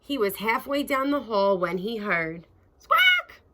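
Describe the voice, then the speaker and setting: A woman reading a children's picture book aloud, expressive and dramatic. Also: mid-range voice, unhurried, very noisy. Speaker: storyteller. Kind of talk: children's read-aloud narration.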